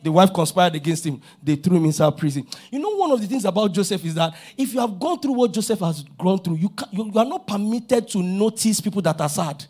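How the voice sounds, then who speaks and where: A middle-aged man with a Nigerian accent, preaching a sermon as pastor, animated and acting out dialogue, rising to shouts. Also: high voice, a little fast, few pauses.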